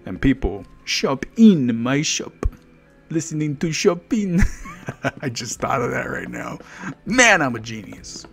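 A man's voice: medium pitch, very animated, slow pace, creaky, fairly bright tone, slightly rough. A man casually commenting on his own gameplay, joking and chatting to game characters and to himself. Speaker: gaming video host. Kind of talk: casual let's play commentary. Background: faint game music.

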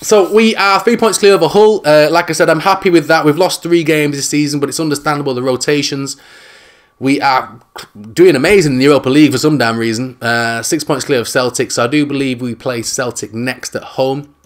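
A man with a fairly high voice talks casually over his football video game. He is jokey and excitable, and he yells when a chance or a goal comes along. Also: brisk. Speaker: gaming YouTuber. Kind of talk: casual gameplay commentary.

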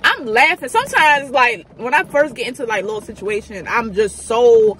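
A woman's voice: a little high, animated, normal speed, a bit bright, a little hiss or hum. A woman in her thirties telling a candid, profane storytime in casual slang. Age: 30s. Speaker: vlogger. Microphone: phone camera.

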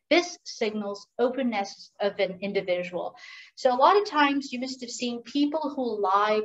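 A woman running an interactive workshop on professional communication, lively and asking the audience questions. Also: on the high side, distant mic, highs cut off. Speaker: communication skills trainer. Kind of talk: interactive online workshop talk.

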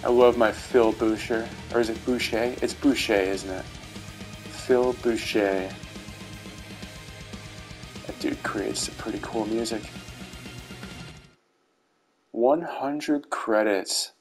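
A middle-aged man reviews game rewards on YouTube, chatting casually over gameplay footage and slipping in dry dad jokes. He speaks a little slowly at medium pitch with long pauses. Faint music plays behind him, and the audio is poor.

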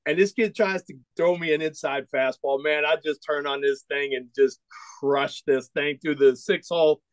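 A man in his forties telling animated stories as a podcast guest, acting out quoted dialogue. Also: fairly high pitch, normal speed, no room sound. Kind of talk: casual storytelling interview.

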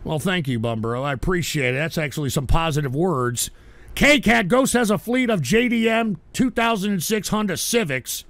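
Expressive and a bit bright, this high male voice moves at a moderate pace as the host of a livestream talk show reads viewer donations aloud. His profane rant is angry and erratic, full of cursing, and he sometimes breaks into singing. There's a dry recording.

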